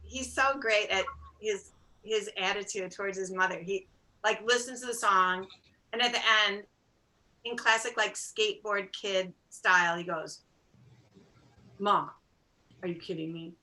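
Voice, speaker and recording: A middle-aged woman with a bright, ringing voice tells stories in a relaxed interview. She talks as a singer-songwriter guest, animated and self-deprecating. She acts out bits of dialogue. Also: medium pitch, unhurried, low-quality recording. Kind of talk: storytelling in a casual interview.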